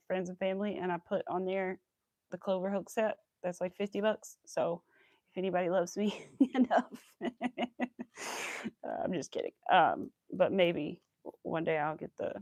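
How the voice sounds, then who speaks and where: A young woman with a light Southern accent chats away while she crochets on a livestream. She rambles from one thing to the next and laughs a lot. Her voice has a gravelly fry, and the sound is close and dry. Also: lowish voice, normal speed, darkish tone, no echo. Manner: chatty, rambling, laughs often, talks to her dog.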